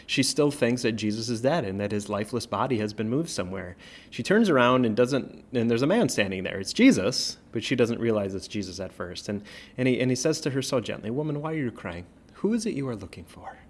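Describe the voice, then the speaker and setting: A man, a pastor, retelling a Bible story in a casual, conversational way, often checking in with "right?" and pausing on fillers. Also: mid-range voice, animated.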